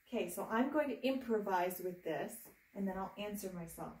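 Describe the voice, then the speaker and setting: A woman's voice: medium pitch, animated, moderate pace, hardly any pauses, roomy sound, recorded from a distance. A woman teaching a piano lesson to students at home, patient and encouraging, walking through each step and chanting rhythm syllables. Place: room with a piano. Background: piano playing.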